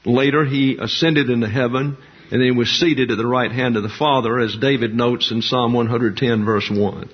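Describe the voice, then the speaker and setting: A man preaching a doctrinal sermon in a measured, emphatic way, listing terms one by one. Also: medium pitch, fairly even intonation, husky. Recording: dull lo-fi sound.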